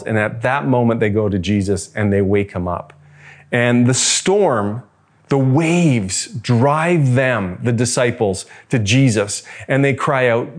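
A male pastor delivering a sermon in a relaxed, conversational way. He reflects aloud and turns to the congregation with rhetorical questions, his voice at an ordinary middle pitch.

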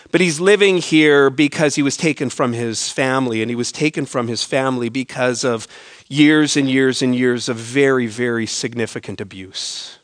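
A middle-aged male pastor preaching a sermon, animated and conversational, dropping to a soft, low tone when telling personal stories. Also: no echo, clean studio sound.

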